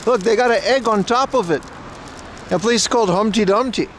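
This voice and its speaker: A man's voice: high-pitched, moderate pace, slight background noise. A man livestreaming as he walks outdoors, chatting casually, rambling and opinionated as he answers his chat. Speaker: IRL livestreamer. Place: outdoors on city streets.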